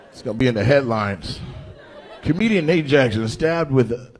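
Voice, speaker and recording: A man doing stand-up comedy and crowd work on a club stage, loud and animated, swinging between shouts and mutters, recorded live with a stage mic. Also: mid-range voice, a little slow.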